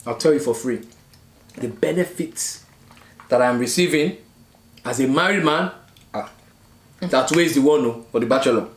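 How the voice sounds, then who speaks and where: A man's voice: medium pitch, moderate pace, long pauses, roomy sound. A man in his thirties, a marriage coach co-hosting a casual mukbang chat, talking in an earnest, preachy way and checking in with viewers. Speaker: relationship and marriage coach, co-host.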